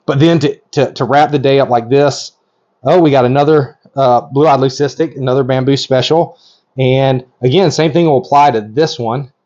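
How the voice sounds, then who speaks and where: A middle-aged man talks eagerly as host of his own vlog, in a voice of ordinary middle pitch. He rambles and cuts himself off mid-thought. The audio is a bit dull and lo-fi. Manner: excitable, rambling, self-interrupting. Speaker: reptile breeder host. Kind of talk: hands-on vlog commentary.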